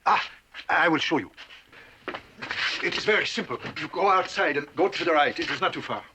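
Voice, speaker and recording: An actor playing a polite shopkeeper, in a 1960s TV western. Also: male voice, on the high side, expressive, brisk, noisy background, natural voice. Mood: courteous. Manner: courteous, formal phrasing. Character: polite French shopkeeper in New Orleans.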